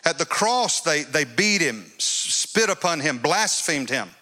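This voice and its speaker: A man's voice: on the high side, big pitch swings, unhurried, sharp tone. A male preacher giving an emphatic sermon and repeating his phrases. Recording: long hall reverb.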